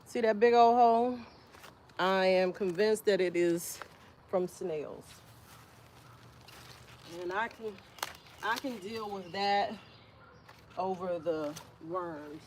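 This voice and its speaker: A woman's voice: medium pitch, slow pace, long pauses, darkish tone, slight background noise. A woman hosting a casual livestream outdoors in her garden, chatting with viewers by name while she harvests. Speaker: homestead livestreamer.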